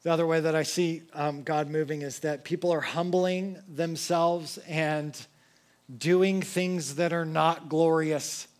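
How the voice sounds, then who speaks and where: A young male pastor delivers a sermon in a high, light voice. He talks to the congregation casually, as if chatting with friends, and he acts out quotes with lively energy. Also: measured pace. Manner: casual, conversational preaching with lively acted quotes.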